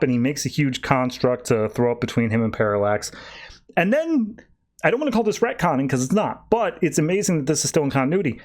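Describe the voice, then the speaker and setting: A man hosting a podcast, casually recapping a comic issue and voicing the characters in quick, animated asides. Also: medium pitch. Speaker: podcast host.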